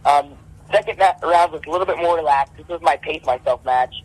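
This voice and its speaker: Young male amateur boxer, slightly high voice, casual animated storyteller who voices his own punches. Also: fairly quick, dry recording, poor audio. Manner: animated, acts out punches with repeated "boom".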